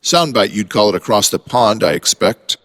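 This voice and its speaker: A man's voice: lowish voice, lively intonation, normal speed, fairly bright tone, big-room sound. A man voicing a brusque male park veterinarian who talks in a blunt, folksy way.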